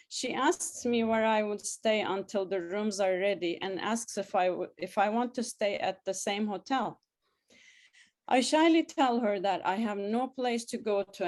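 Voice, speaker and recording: A woman telling a lively memoir. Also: mid-range voice. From abroad, newly arrived student in the story. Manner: lively, wry, laughs through lines. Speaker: memoir storyteller. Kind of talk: first-person storytelling, live reading.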